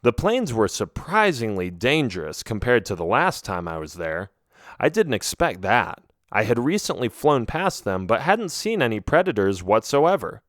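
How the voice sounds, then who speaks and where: A man narrating a children's audiobook in an expressive, first-person storytelling manner. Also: mid-range voice, moderate pace, dry recording, clean studio sound.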